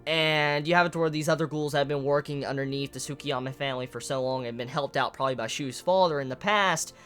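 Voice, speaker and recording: Excitable, swearing manga reviewer. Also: medium pitch, fairly quick, smooth, faint music behind. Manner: excitable and emotional, swears often. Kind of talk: casual spoken chapter analysis.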